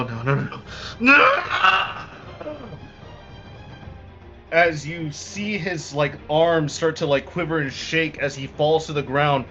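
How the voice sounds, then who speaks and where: A man running a tabletop game as game master, narrating dramatically and slowing down for effect, with frequent restarts. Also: mid-range voice, fairly bright tone. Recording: dull lo-fi recording, faint music.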